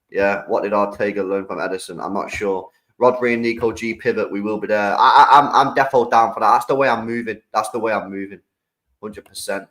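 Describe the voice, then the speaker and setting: Slangy British man, low voice. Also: rough recording. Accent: British English. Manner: slangy, animated, talks to the chat. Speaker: streamer host. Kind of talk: live-stream football reaction chat.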